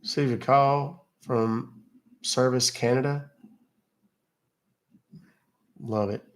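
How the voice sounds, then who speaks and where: A man's voice: medium pitch, fairly even intonation, slow pace. A man from Texas hosting a casual live stream, chatting loosely and reading viewer comments aloud. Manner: chatty, loose, jokey, reads chat aloud. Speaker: livestream host.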